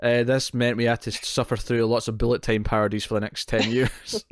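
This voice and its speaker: A man's voice: mid-range voice, flat delivery, a little fast, no echo, clean studio sound. A man in his thirties, co-hosting a casual film discussion, rambling and joking at his own expense. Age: 30s. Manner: rambling, self-deprecating, joking. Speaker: co-host.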